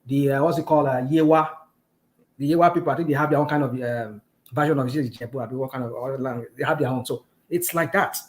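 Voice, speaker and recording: Fast-talking Nigerian man explaining earnestly. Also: mid-range voice. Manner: earnest, explaining, many fillers. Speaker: host. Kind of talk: casual chat.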